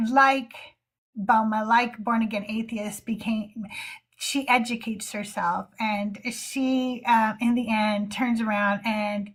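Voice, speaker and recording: Slow, earnest woman host. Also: on the high side. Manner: slow, earnest, with many fillers. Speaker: host of a live call-in show. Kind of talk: casual livestream talk.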